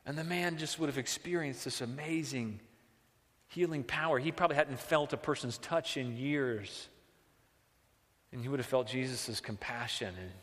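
A man preaching a sermon as pastor, moving between hushed reflection and loud, impassioned exclamation. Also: mid-range voice. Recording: reverberant hall.

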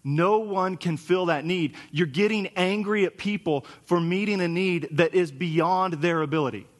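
A man's voice: sits high, normal speed. A man in his forties preaching a sermon in an earnest, conversational way, with stories woven in. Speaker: pastor.

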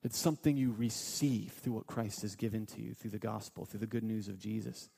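A man in his thirties preaching a sermon as a pastor, earnest and quick to act out the voices of people in his stories. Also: on the low side, steady tone, vocal fry, warm tone, husky. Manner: earnest, acts out quoted voices in his storytelling. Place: church sanctuary. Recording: long hall reverb.

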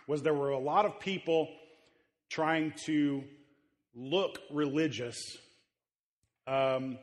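Conversational male pastor in a reverberant hall. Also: mid-range voice. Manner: conversational, halting with many fillers and restarts. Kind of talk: sermon. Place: church sanctuary. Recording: long reverb of a large hall.

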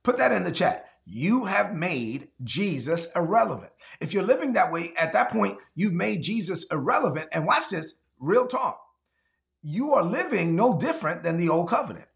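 A man preaching a sermon as pastor, animated, acting out little quoted voices and repeating words as he drives points home. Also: sits high, moderate pace, creaky.

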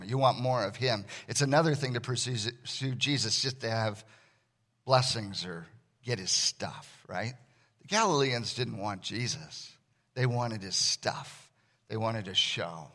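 A man preaching a sermon as a pastor, conversational and animated, acting out the voices he quotes. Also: mid-range voice.

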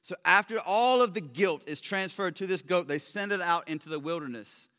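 A man preaching a sermon, swinging between loud emphatic stresses and quiet low asides, with joking remarks. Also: normal speed. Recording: long hall reverb.

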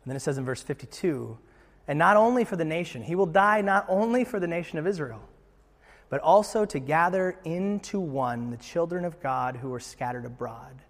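A man preaching a sermon in an animated, conversational way with casual asides. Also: a little high, moderate pace, big-room sound. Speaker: pastor.

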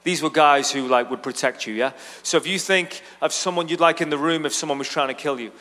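A pastor with a slightly high, brisk, pushed and bright voice preaches a sermon in a church auditorium, where the large hall gives a long reverb. He tells a story casually and chattily, often turning aside to the congregation.

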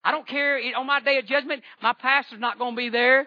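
Man, 40s, very high sharp voice, fervent stammering church testimony, dull lo-fi recording. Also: fairly even intonation, a little fast. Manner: fervent, repetitive, stammering restarts. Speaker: layman giving testimony in church. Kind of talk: impassioned testimony sermon.

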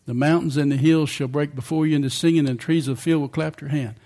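This older preacher keeps his sermon conversational, pausing to check in with the congregation. His voice is warm and a touch higher than typical for a man, with fairly even intonation, and he talks fast.

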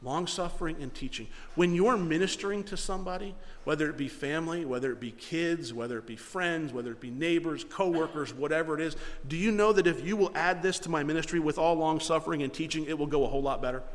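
A middle-aged man preaches to his congregation, earnest and emphatic, pushing some phrases hard and letting others fall quiet. His voice sits a little high for a man. The sound carries a long reverb from the church hall around him. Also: quick pace, few pauses. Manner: earnest, emphatic preaching with rising and falling volume. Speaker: pastor. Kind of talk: sermon.

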